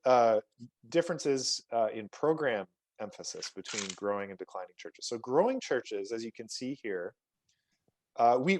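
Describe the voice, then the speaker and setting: A man delivers a virtual lecture on research results in an explanatory, conversational way, often restarting his phrases. His voice sits at a middle pitch and is recorded close and dry, with no room sound around it. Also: a little mellow, no echo, poor audio. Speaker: guest lecturer. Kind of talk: virtual talk presenting research.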